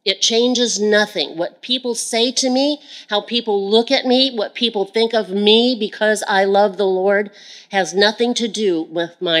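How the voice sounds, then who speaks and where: A woman's voice: mid-range voice, a bit bright, rough recording. A woman giving an earnest sermon as a Bible teacher. She repeats phrases for emphasis and often turns to speak to God directly in prayer.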